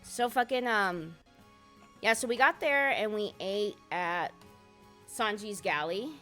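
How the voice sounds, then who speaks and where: A woman streamer chatting casually and swearing often, muttering to herself between excited bursts. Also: mid-range voice, slow, soft background music. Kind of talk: casual vlog chat while sorting photos.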